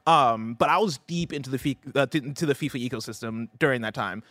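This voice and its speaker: A young man chatting fast on a podcast, with a middle-of-the-road pitch. He tells stories in an animated way, swears freely and keeps tagging his lines with "right?". The sound is dry and close. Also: no echo. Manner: animated, swearing, quick storytelling with frequent "right?". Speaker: podcast co-host. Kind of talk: casual chat.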